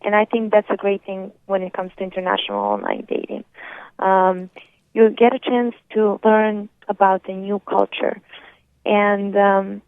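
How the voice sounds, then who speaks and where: A woman's voice: mid-range voice, animated, unhurried, clear, resonant tone, no room sound. A woman guest on a radio show, speaking as a dating expert, with nervous giggles and many ums. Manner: giggly, with frequent ums and laughs. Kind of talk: phone-in interview. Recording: tinny, dry phone line.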